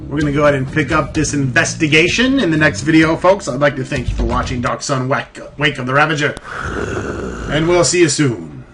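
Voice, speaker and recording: A man's voice: fairly high pitch, a little fast, over music. A man hosting a let's play, giving loose, profane, joking commentary as he plays. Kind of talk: casual gameplay commentary.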